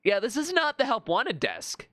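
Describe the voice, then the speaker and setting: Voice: mid-range voice, wildly swooping pitch, moderate pace, sharp tone, no echo, studio quality. A streamer giving casual live commentary, thinking aloud and often stammering into restarts.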